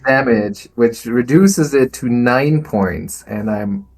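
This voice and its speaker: A man narrating and running a tabletop game as game master, with dramatic, unhurried narration. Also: medium pitch, soft background music.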